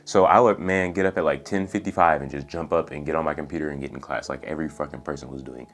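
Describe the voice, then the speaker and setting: A young man in his twenties telling a story in a casual, laid-back way, using lots of slang and filler words, with a soft, soothing voice. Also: extremely low pitch, steady tone, quick pace. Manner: laid-back, profane slang, says "bro" and "like" a lot. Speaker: storytelling vlogger. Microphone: USB studio microphone.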